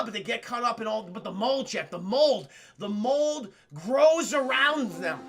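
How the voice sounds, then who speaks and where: A man casually recapping a film for his livestream chat, excitable and profane, often calling out to the chat. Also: extremely high pitch, a little slow, vocal fry, few pauses. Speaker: streamer film reviewer.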